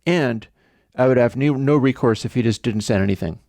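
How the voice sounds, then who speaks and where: A man's voice: mid-range voice, brisk, darkish tone, dry recording, clean studio sound. A man hosting a livestream, telling a story in a rambling, conversational way. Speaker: livestream host. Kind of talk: casual livestream chat.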